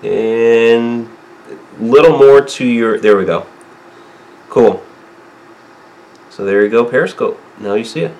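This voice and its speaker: A man's voice: medium pitch, takes it slowly, pauses often, darkish tone, roomy sound, rough recording. A man hosting a casual livestream chat, easygoing as he manages the setup. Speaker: podcast host.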